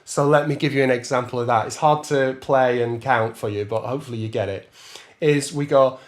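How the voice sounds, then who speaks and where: A man's voice: medium pitch, steady tone, a little fast. A man teaching a trombone masterclass, chatting casually, laughing often and scatting rhythms as he counts bars. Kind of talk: masterclass talk with sung counting.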